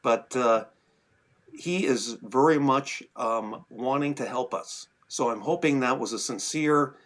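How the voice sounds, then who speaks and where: A man from Canada talks through a panel discussion at an ordinary, mid-range pitch, sounding exasperated. He rambles, with plenty of "uh"s, false starts and repeated words. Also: measured pace, fairly bright tone. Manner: exasperated, rambling with many fillers and restarts. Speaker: firearms advocacy panelist.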